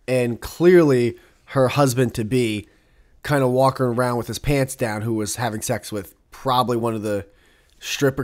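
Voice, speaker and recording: A young man hosting his own podcast alone, talking casually in a rambling, profane way that keeps breaking off into asides. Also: medium pitch. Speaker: podcast host. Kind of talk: casual solo podcast monologue.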